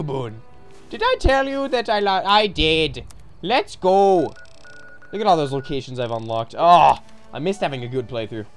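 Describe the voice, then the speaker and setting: Goofy streamer with a lively, bouncing voice. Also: mid-range voice, moderate pace, soft background music. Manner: goofy and rambling, greeting viewers, with sudden excited shouts. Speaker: game streamer. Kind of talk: casual live-stream commentary.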